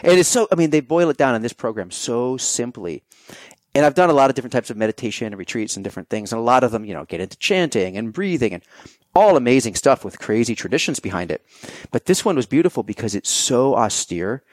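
In casual conversation as a podcast guest, a man tells stories with animation and voices his own thoughts as quotes. He speaks in a loose, filler-heavy way, his mid-range voice very animated and quick, with no room sound.

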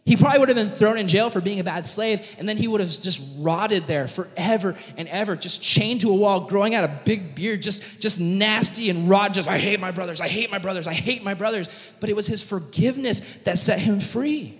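Man preacher, high voice, animated storyteller, big hall reverb. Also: a little fast, few pauses. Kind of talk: sermon storytelling. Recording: long reverb of a large hall.

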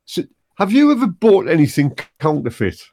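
A man's voice: a little high, sing-song, normal speed, a little mellow. A man, chatting casually as a podcast co-host. He rambles, stalls and searches for words. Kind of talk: casual chat.

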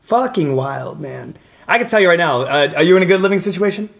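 A man telling animated, swear-heavy stories in a casual chat. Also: sits high, brisk, creaky. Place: New York.

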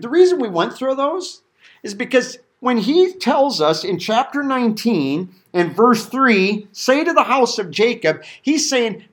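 A man's voice: high voice, big pitch swings, a little slow. A middle-aged man teaching a Bible study sermon, reading scripture and acting out quotes with emphatic peaks.

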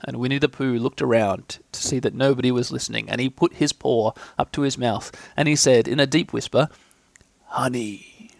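A man reading a children's storybook aloud in a gentle, unhurried way. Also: mid-range voice, fairly even intonation, vocal fry, no echo. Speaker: reader.

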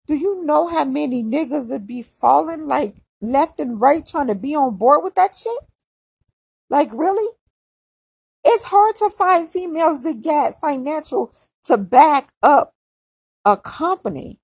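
A woman's voice: high-pitched, lively intonation, unhurried, vocal fry, no room sound. A young woman venting bluntly in an emotional personal monologue, repeating herself as she talks. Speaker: podcaster.

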